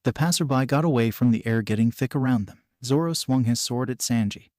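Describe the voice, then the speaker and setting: A man narrating a story in an even, mechanical reading style, with a dry sound. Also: medium pitch, fairly quick, dry recording.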